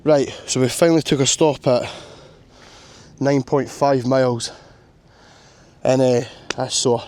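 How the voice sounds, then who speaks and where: A man's voice: medium pitch, fairly even intonation, measured pace, a little mellow, no room sound, faint music behind. A man vlogging outdoors on a long walk, sore and worn out, chatty, self-mocking and swearing freely. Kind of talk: walking vlog to camera. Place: outdoors on a coastal path.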